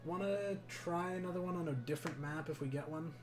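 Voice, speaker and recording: A man's voice: a little high, fairly quick. A man streaming a video game, chatting casually, joking and swearing freely. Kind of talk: casual chat while gaming. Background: game music.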